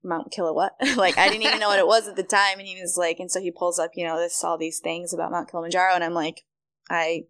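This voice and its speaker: Lively low-voiced young woman storyteller. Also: quick pace, hardly any pauses, no room sound. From Michigan, USA. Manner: chatty, animated, acts out quoted dialogue. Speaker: podcast guest, running coach. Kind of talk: casual storytelling interview.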